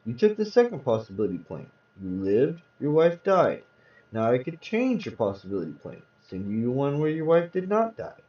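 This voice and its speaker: A man's voice: medium pitch, wildly swooping pitch, moderate pace. A man reading aloud, voicing a small hospital lab technician who explains things patiently. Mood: explaining. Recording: roomy, distant, dull sound.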